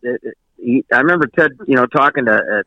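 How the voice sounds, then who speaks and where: Fast-rambling male musician guest. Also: medium pitch, dry recording, lo-fi sound. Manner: rambling, many restarts and fillers. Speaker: bassist guest. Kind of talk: casual interview chat.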